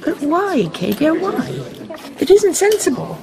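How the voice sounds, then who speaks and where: A chatty, fond middle-aged mother, lively, higher voice, radio play. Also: measured pace, vocal fry, a crowd in the background, heavily acted. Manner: chatty, breezy, fussing.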